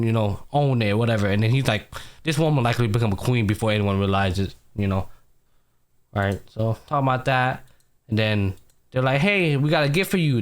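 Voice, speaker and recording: A young man hosting a podcast, casually retelling anime episodes, acting out the characters' lines in loose, slangy talk with some swearing. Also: mid-range voice. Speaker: podcast host. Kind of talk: casual anime recap chat.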